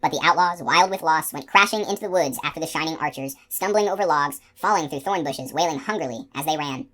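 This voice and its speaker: A woman narrating a fantasy novel aloud in a steady, expressive reading voice. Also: deep voice, fast. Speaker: audiobook narrator. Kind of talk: scripted narration.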